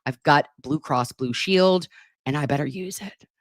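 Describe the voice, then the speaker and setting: A woman's voice: low voice, a little slow, no echo, clean studio sound. Chatty middle-aged woman livestreaming. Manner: chatty, affectionate, self-deprecating. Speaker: livestream host. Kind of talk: casual livestream chat reading viewer comments. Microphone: computer mic at a desktop.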